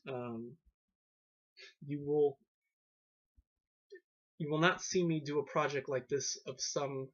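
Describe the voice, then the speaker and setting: A man's voice: on the high side, slow, pauses often. A man casually reviewing books on a vlog, rambling with lots of fillers and sarcastic asides. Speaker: video book reviewer. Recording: dull lo-fi webcam audio.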